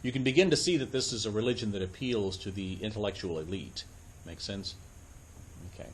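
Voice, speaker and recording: A man's voice: fairly low pitch, brisk, a little hiss or hum. A man giving a conversational Bible study lecture at a church, often checking in with his listeners and adding dry asides. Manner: loose, with frequent fillers and dry asides.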